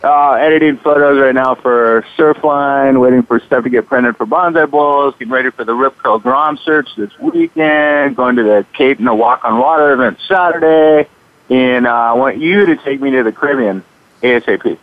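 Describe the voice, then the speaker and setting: A man calling in to a radio talk show, chatting in relaxed, laughing banter. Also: mid-range voice, normal speed, no room sound. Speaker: caller. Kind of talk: casual phone-in chat. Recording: dull dry phone line.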